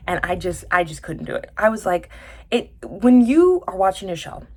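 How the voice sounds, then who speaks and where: A woman's voice: mid-range voice, very animated, normal speed, a little mellow. A young woman vlogging casually about dramas she has watched, chatty and tangent-prone, with lots of fillers and self-corrections. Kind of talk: casual rambling chat.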